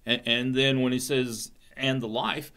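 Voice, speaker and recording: A man explains Bible passages to a class, mixing read-aloud verses with his own commentary. His delivery is halting, with frequent repeated words as he gathers his thoughts. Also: medium pitch, flat delivery, sharp tone. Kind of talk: Bible study explanation with scripture reading.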